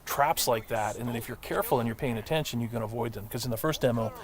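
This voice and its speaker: A man, a game developer, explaining a gameplay demo with quick talk and many fillers. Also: mid-range voice. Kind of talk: demo walkthrough commentary.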